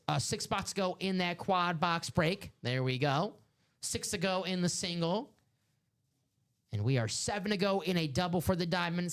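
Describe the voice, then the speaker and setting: A man's voice: sits high, fairly bright tone. A man hosting a live stream, rambling through casual sports chat. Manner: chatty, rambling sports talk.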